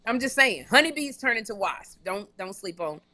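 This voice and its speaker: Animated woman host telling a story. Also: mid-range voice. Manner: animated, rapid, run-on storytelling with restarts and blunt jokes. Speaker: podcast co-host. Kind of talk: comedic live-stream storytelling.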